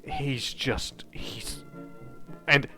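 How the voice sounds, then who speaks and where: A man acting as game master narrates a horror tabletop game in a halting way, full of fillers, often dropping to a hush. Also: medium pitch, wildly swooping pitch, faint music behind.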